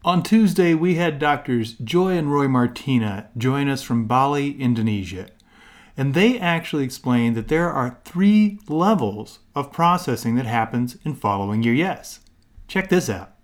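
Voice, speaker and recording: A man's voice: medium pitch, lively intonation, unhurried. Host: man with an average voice, supportive and affirming, leads the conversation. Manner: warm, encouraging, affirming. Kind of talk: interview hosting.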